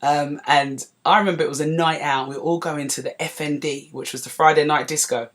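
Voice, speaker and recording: A woman in her forties from North London with a London accent, hosting a podcast and telling a story in a lively, chatty way with asides to her listeners. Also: deep voice, fairly quick. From North London, England. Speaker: podcast host. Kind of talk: casual storytelling monologue.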